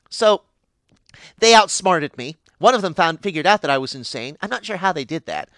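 Ancient unhinged pixie, voiced by a man: lively pitch that leaps into squeals, bright edge, dry close sound. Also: normal speed, no room sound. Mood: giddy rambling. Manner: rambling, giddy, sudden high squeals. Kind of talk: character monologue for fan animation.

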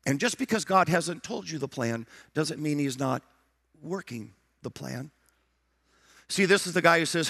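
A man's voice: fairly high pitch, animated, unhurried, gravelly, fairly bright tone, husky, no room sound, studio quality. A middle-aged man preaching a sermon as pastor, emphatic, repeating his phrases and acting out prayers and dialogue.

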